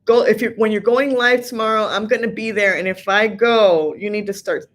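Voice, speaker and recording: Reading viewer comments aloud, this middle-aged livestream host chats casually from home in a mid-range voice with fairly even intonation and normal speed. Though she seems tired, she keeps talking, laughs a lot, and leans on fillers like "like" and "you know."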